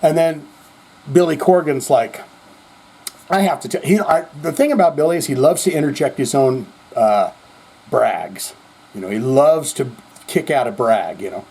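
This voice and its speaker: A man's voice: mid-range voice, lively intonation, moderate pace, darkish tone, slightly rough. A man hosting a show, telling rambling, profane stories and acting out quoted voices. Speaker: host. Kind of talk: casual rambling monologue.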